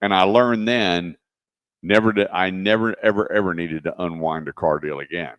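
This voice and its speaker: A man with a low, deep voice hosts a car radio show, chatting loosely and telling folksy stories in which he acts out the voices of the people involved. The studio sound is dry and close, with no room echo. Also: moderate pace, fairly bright tone, highs cut off. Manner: folksy storyteller acting out quoted voices. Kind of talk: casual radio talk.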